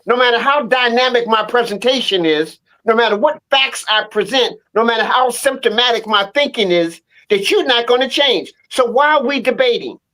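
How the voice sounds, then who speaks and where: A man's voice: very high voice, normal speed, hardly any pauses, pushed and bright. A man guesting on a talk show, a teacher who speaks emphatically and tells proverbs and folk tales in a casual, repetitive way. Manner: emphatic, proverb-telling, repeats himself. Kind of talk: casual storytelling chat.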